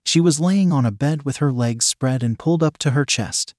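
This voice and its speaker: A man reading a story aloud in a steady, measured narration. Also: mid-range voice, no echo, clean studio sound.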